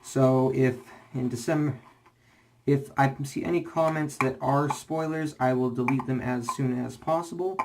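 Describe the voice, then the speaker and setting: A man's voice: medium pitch, steady tone, moderate pace, background noise. A young man rambling casually in a shaving vlog, full of fillers and restarts, slightly out of breath. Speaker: shaving vlogger.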